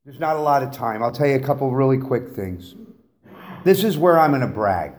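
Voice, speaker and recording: A middle-aged man, invited as a guest speaker, shares his personal testimony with a live audience in a recovery meeting room. His mid-range voice moves a little fast as he tells animated, humorous stories and jokes with the crowd.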